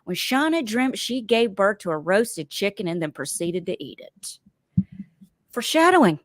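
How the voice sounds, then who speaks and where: A woman in her forties hosts a casual recap show. Her pitch swings widely as she tells stories, laughs, and spins theories in an animated, chatty way. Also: moderate pace. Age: 40s. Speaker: podcast host.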